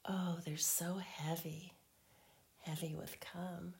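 A woman in a whispered role-play as a girlfriend, teasing in slow, breathy whispers broken by soft hums. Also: on the low side.

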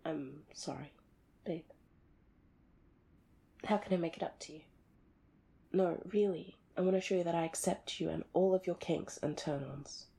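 A woman playing the listener's girlfriend in an audio role-play, talking in an expressive, conversational way that swings between loud and hushed. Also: lowish voice, moderate pace, gravelly, pauses often, husky. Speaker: girlfriend character addressing the listener.

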